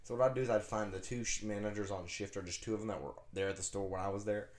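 A man with a somewhat low voice tells brash, laid-back stories on a casual podcast. His voice carries a noticeable room echo. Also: steady tone, racing. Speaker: podcast co-host. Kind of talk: casual chat, storytelling. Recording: roomy echo.

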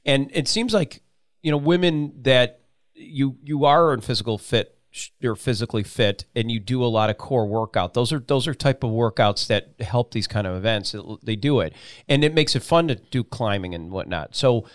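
Man, talk host, rambling, casual, mid-pitched. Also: normal speed. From Columbus, Georgia. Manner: rambling, restarts sentences often. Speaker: radio show host. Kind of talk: casual talk show chat.

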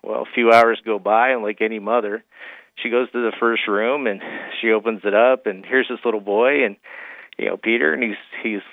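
Low-voiced man on a tinny phone line. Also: steady tone, moderate pace, vocal fry, no echo. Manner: folksy, many fillers. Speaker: financial advisor. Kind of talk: phone-in radio guest, storytelling.

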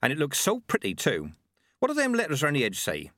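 A man's voice: on the high side, huge pitch swings, fast talker, no room sound, studio quality, voice pushed up. A man voicing a blunt, stubborn old village witch and midwife with folksy, rustic speech. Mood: chatty. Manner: folksy rustic grammar, sharp and feisty.

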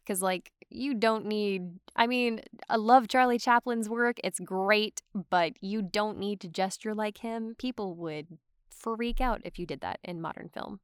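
A woman's voice: mid-range voice, unhurried, clean tone, no echo, studio quality. A young adult woman from Georgia, a voice actor, talking in a chatty, rambling way with lots of "like" and frequent laughs. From Georgia, USA. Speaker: voice actor guest. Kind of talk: casual podcast conversation.

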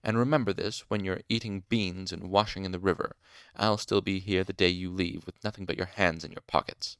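A man's voice: low-pitched, fairly even intonation, brisk, a bit bright, clean tone, no room sound, clean studio sound. A man voicing a smug young noble student. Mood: hissing. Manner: smug, clipped and condescending.

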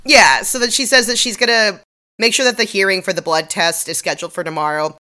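A woman's voice: mid-range voice, brisk, pushed and bright. A woman co-hosting a podcast, recapping a TV episode with sarcastic, wry commentary. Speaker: podcast co-host. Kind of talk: casual chat recapping a TV episode.

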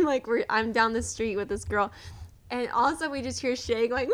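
High-voiced young woman guest. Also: fast. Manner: lively, filler-heavy. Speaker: podcast guest. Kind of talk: casual storytelling chat.

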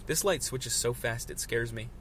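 A man in his twenties records a rambling solo podcast on a phone mounted inside his moving car, with road and engine noise in the background. His mid-range voice moves at a moderate pace, easygoing and chatty, until he flips into loud rants.

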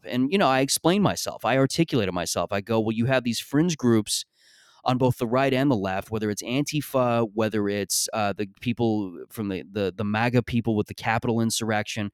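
A man's voice: medium pitch, fairly quick, no room sound, studio quality. Rambling, profane man telling stories. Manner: rambling, profane, animated storytelling with stammered restarts. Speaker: podcast host. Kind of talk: casual comedic monologue.

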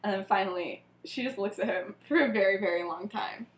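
Young woman, podcast co-host, animated storytelling, laughs often, echoey room. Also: mid-range voice, brisk. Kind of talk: casual retelling of a fan story.

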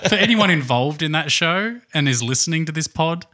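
A man's voice: fairly high pitch, lively intonation, fairly quick, bright, forceful tone. A man co-hosting a casual film podcast, teasing the others and laughing. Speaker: podcast co-host.

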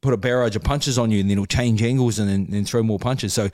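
A man's voice: on the low side, steady tone, fast talker, darkish tone, dry recording. A man with a New Zealand accent, a guest on a podcast, telling stories in a laid-back, casual way, swearing freely and laughing as he goes. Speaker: podcast guest, former boxer. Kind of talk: casual interview storytelling.

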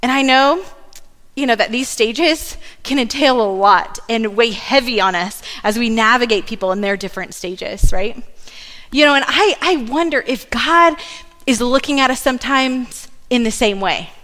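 A woman in her thirties giving a sermon in a church, telling family stories with lively asides. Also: fairly high pitch, normal speed, big-room sound. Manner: warm storytelling with asides and laughs. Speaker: church speaker. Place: church sanctuary.

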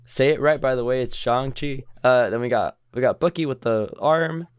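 A man's voice: mid-range voice, fairly quick, clean tone, no echo, studio quality. A young man co-hosting a casual podcast, playful and laughing often, goofing around with silly pronunciations. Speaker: podcast co-host. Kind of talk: casual chat.

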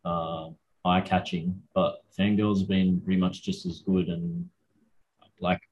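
A young Australian man, a university student, co-hosting a racing podcast in a relaxed, dryly joking way. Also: sits low, slow, lo-fi sound. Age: young adult. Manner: relaxed, dry humour, hedging. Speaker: podcast co-host. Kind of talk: casual chat.

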